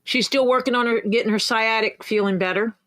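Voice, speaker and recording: A woman's voice: a little high, fairly even intonation, a little fast, a bit bright, dry recording. A woman co-hosting a livestream podcast. She teases in a playful, motherly way while chatting casually. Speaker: podcast co-host.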